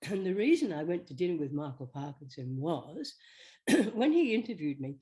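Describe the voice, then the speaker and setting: An older woman, an actress guest telling chatty, animated stories in an interview. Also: deep voice, moderate pace. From Australia. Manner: chatty, animated, slips into quoted voices. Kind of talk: anecdotal storytelling.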